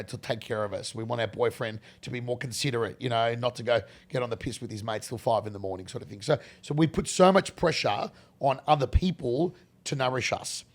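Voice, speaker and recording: A middle-aged Australian man, a guest in a casual interview, telling rambling animated stories with many restarts. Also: medium pitch.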